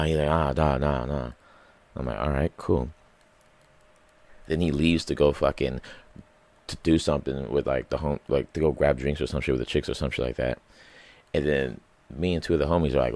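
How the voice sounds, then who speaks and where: A man's voice: extremely low pitch, vocal fry, a little mellow, no room sound. A man hosting his own podcast, telling a rambling, profane story alone in a small room into a microphone. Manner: rambling, profane, full of likes and quoted reactions. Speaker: podcast host. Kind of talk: casual storytelling rant. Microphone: studio microphone.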